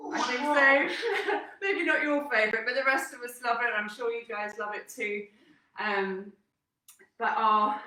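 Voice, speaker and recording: A young woman leading a children's workout, telling a story with upbeat, animated encouragement. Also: fairly high pitch. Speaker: kids' fitness instructor. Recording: echoey room, distant mic.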